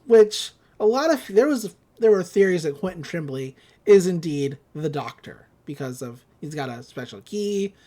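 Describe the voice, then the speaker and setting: A woman hosting a podcast, recapping a cartoon episode in casual chat, with frequent laughs and quick quoted asides. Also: lowish voice, expressive, mellow. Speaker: podcast host.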